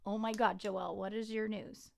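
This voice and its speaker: A woman singer-songwriter chatting casually on a livestream, excitable and rambling, with frequent giggles. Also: medium pitch, moderate pace, vocal fry.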